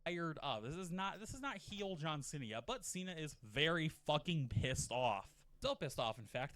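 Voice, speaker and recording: A man narrating in a casual, profane, animated way, often slipping into mock quotes. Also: a little high, no room sound. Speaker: narrator of a wrestling rebooking video. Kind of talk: casual scripted commentary.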